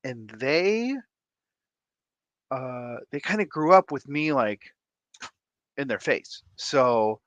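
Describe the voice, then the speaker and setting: Lively, bright-voiced man hosting a stream. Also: mid-range voice, slow, long pauses, no echo, lo-fi sound. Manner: animated and playful, jokey asides to chat. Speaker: livestream host. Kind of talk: casual live stream chat, reading viewer comments.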